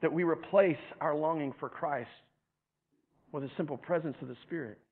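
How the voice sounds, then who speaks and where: A man preaching a sermon in an animated way, stumbling over repeated words and acting out other people's voices with humor. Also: on the high side, normal speed, breathy edge. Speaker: pastor. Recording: tinny phone-like sound.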